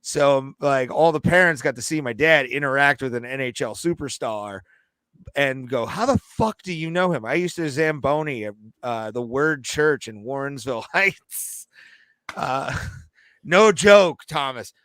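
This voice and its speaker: Bright, clear-voiced man telling a profane story. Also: medium pitch, a little slow, dry recording. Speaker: podcast co-host. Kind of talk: casual podcast chat, storytelling.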